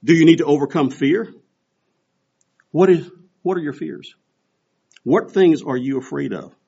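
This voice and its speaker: A man's voice: on the high side, unhurried, vocal fry, husky. A man in his sixties preaching a sermon, telling stories and acting out quoted voices as he goes. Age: 60s. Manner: storytelling with animated quoted voices. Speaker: pastor. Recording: dull lo-fi recording.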